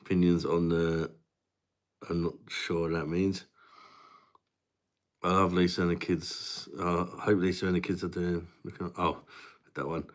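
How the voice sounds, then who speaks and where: Deep-voiced bloke, casual live stream chat, laughs loads, calls everyone mate. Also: male voice, flat delivery, measured pace. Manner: chatty, laughs often, answers viewers by name. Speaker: livestream host reading chat.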